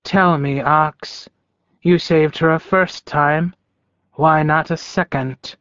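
A man voicing a cruel, taunting male werewolf leader with a sneering, drawn-out delivery in an audiobook. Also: a little high, fairly even intonation, a bit bright, clear, resonant tone, no room sound, dull audio, voice pushed up. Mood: menacing.

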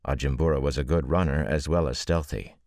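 A man reading a novel aloud as a measured audiobook narrator. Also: darkish tone, no room sound, studio quality. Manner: measured, deep-voiced reading with voiced characters. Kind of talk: scripted narration.

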